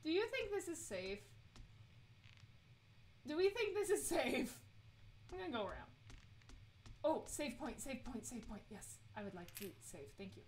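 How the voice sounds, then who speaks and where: A woman's voice: sits high, sing-song, unhurried, long pauses, darkish tone, slight background noise. A woman streaming a horror game, chatty and giggly as she talks to herself and her chat. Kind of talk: live let's play commentary.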